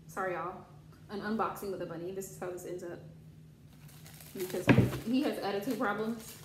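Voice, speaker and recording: A woman's voice: medium pitch, fairly quick. A woman hosting a casual tarot vlog, chatty and talking straight to her viewers. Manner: chatty, addresses viewers as y'all, scolds her pet bunny. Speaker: tarot channel host. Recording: echoey room with background noise.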